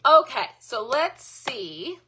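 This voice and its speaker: A woman's voice: sits high, sing-song, slow, bright, forceful tone, husky. A middle-aged woman hosting a live card reading, chatting casually and thanking viewers by name. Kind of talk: casual live-stream chat.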